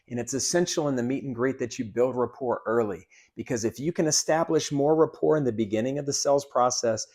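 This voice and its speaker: A man's voice: medium pitch, a little mellow. Upbeat man coaching on sales. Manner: upbeat, coaching, acts out greeting lines. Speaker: sales trainer. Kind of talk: instructional talk with role-play demos.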